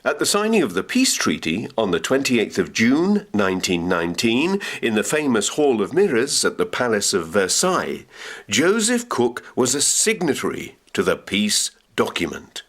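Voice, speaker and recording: A man's voice: fairly low pitch, wildly swooping pitch, normal speed, fairly bright tone. A man narrating a local history documentary, reading quotations with dramatic emphasis.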